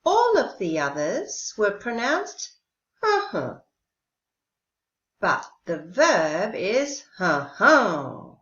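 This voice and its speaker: A woman teaching an English lesson, speaking slowly and carefully and modelling pronunciation clearly. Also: mid-range voice. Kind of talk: recorded language lesson. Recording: roomy, dull lo-fi sound.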